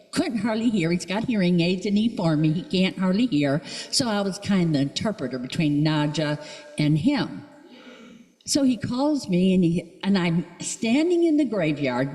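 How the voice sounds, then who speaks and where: An older woman telling a lively story at a church service, acting out the voices she quotes. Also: lowish voice. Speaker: congregant sharing a story. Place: church sanctuary. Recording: long reverb of a church hall.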